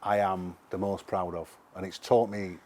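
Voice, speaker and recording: A middle-aged man with a broad Sheffield accent tells stories at speed, loose and sweary. His voice sits fairly low, and he talks like he's chatting with a mate. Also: normal speed. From England. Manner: animated, sweary anecdotes. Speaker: musician guest. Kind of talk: casual interview storytelling.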